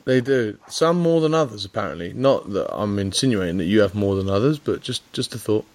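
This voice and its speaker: A man's voice: on the low side, animated, a little fast, darkish tone. A man hosting a casual podcast, bantering with his co-host in a teasing, rambling way.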